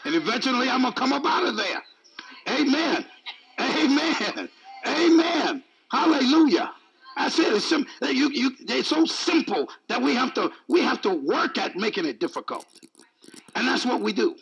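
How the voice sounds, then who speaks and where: A man delivers a sermon in a high voice that leaps up and down. His tone is gravelly and a bit husky. He repeats phrases for emphasis and slips in teasing humor. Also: sing-song, moderate pace, poor audio. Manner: emphatic, repetitive, joking preaching. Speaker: preacher.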